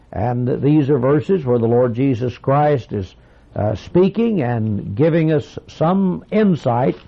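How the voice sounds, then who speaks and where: A man preaching a sermon, reading scripture aloud and explaining it in a deliberate, emphatic way. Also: on the high side. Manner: deliberate, emphatic, reads scripture aloud in King James wording. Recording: dull lo-fi recording.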